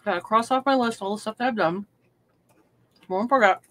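A woman's voice: mid-range voice, fairly quick, a bit bright. A woman hosting a casual livestream from her hobby room, chatty and self-deprecating, laughing often. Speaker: livestream host. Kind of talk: casual livestream chat while crafting.

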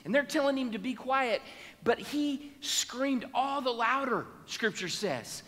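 Man, pastor, lively storytelling sermon, long hall echo. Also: very high-pitched, unhurried. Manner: storytelling, acts out voices of Bible figures. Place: church sanctuary.

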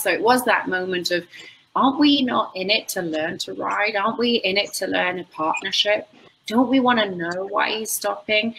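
A woman's voice: medium pitch, normal speed, vocal fry, slight background noise, rough recording. A woman, an animal communicator telling stories in conversation and acting out what clients say. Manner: expressive, acts out quoted clients. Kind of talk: conversational storytelling.

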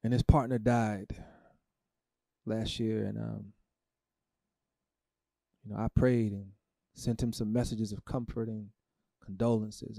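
A man preaching a sermon as pastor, emotional and emphatic, with dramatic pauses. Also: fairly low pitch, flat delivery, vocal fry, mellow, dry recording, clean studio sound.

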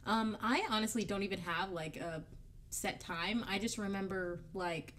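Relaxed young woman, easy laughter. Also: mid-range voice, normal speed, a little hiss or hum. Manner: relaxed, laughs often, asks questions. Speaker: podcast co-host. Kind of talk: casual chat.

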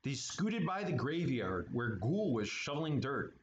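Man doing storytime, chatty asides, bouncy pitch, muffled sound with faint hiss. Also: unhurried, roomy sound. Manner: playful, chatty asides, lively. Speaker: storytime reader at art studio. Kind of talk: children's read-aloud with asides.

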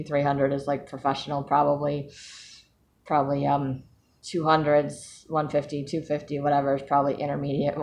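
A woman's voice: low voice, a little mellow, slight background noise. A woman talking casually to camera in a personal vlog, chatty and self-mocking, laughing often. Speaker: vlogger.

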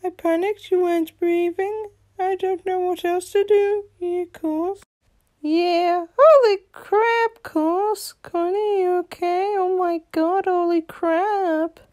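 A performer puts on a very high, slow voice for a gentle young boy hero in a fan comic dub. He talks softly and hesitantly, often falling back on the same reassuring phrase. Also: fairly even intonation. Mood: worried. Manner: soft and hesitant, repeats "yeah, of course".

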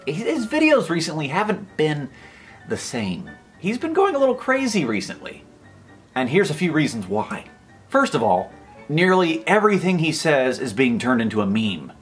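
An American man giving a comedic vlog monologue, rambling and over-the-top, often stopping himself mid-sentence. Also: fairly high pitch. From United States. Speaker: YouTube commentator.

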